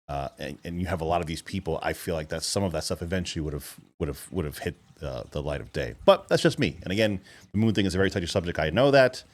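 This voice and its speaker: A male host reacting to a played clip, talking casually and hesitantly with many fillers. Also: low-pitched.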